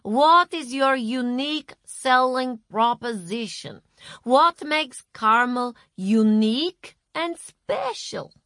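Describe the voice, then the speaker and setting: Woman putting on a bossy lecturing woman, slow, loud, bright, dry room. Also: a little high, expressive, dry recording, pitched above the performer's own voice, full character voice. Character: stern bossy woman running a corporate-style session.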